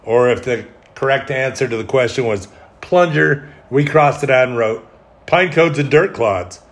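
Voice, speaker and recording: A man's voice: medium pitch, normal speed. A middle-aged man hosting a solo podcast, talking candidly in a rambling way with self-deprecating humor. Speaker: podcast host.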